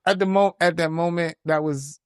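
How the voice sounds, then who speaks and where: Earnest, halting man podcast co-host. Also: on the high side, fairly even intonation, smooth, dry recording, clean studio sound. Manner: earnest, halting, full of restarts and fillers, laughs easily. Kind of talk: casual chat.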